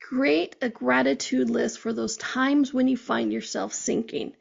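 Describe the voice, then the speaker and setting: A woman hosts a podcast in a chatty, encouraging way, often checking in with her listeners. Her voice sits a bit high and is heavily gravelly and husky throughout. The audio is dull and lo-fi. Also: steady tone, a little slow. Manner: chatty, encouraging, frequent "um" and "okay?". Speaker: podcast host. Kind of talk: casual motivational podcast talk.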